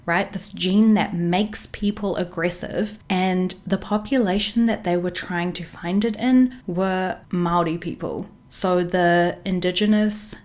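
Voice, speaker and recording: A woman's voice: lowish voice, fairly even intonation, unhurried, few pauses, darkish tone. A woman hosting a podcast, chatting casually and with strong opinions about pop culture, using lots of fillers. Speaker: podcast host.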